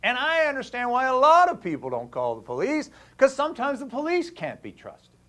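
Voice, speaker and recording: A man hosting a talk show, telling a story to a caller in a casual, animated way and acting out the dialogue. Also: very high voice, brisk.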